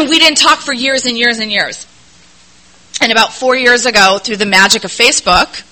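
A middle-aged woman gives a personal testimony to a meeting crowd, her voice bright and forward. She talks candidly and earnestly, poking fun at herself along the way. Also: mid-range voice, rough recording. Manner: candid, self-deprecating, earnest. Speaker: speaker sharing her recovery story at a meeting.

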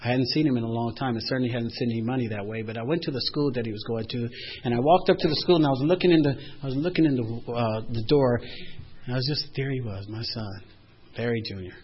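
Animated man telling a personal story. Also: mid-range voice, quick pace, husky, muffled recording. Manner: animated, swings from loud to hushed.

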